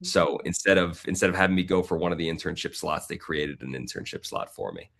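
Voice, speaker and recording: A man in his forties, a podcast guest, telling a personal story in a casual, animated way and acting out other people's lines. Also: sits low, fairly quick, creaky. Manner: animated, acts out the voices of people in his stories.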